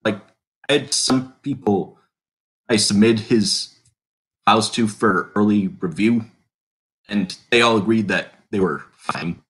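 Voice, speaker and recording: Casual low-voiced man rambling on a podcast. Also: a little slow, long pauses, fairly bright tone. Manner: rambling, self-correcting explanations. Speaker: podcast co-host, character creator.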